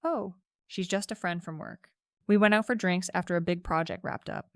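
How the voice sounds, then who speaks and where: A woman voicing a tired boyfriend who answers calmly and wearily in a narrated story. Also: on the low side, moderate pace, vocal fry, no room sound, studio quality. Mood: weary. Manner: calm, worn-out, patient. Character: tired, weary adult boyfriend pleading calmly. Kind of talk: first-person story narration.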